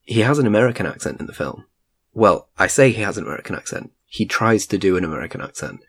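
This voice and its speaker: A man's voice: lowish voice, animated, fast talker, fairly bright tone, husky. A man casually reviewing a film in a chat, rambling with frequent restarts. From United Kingdom.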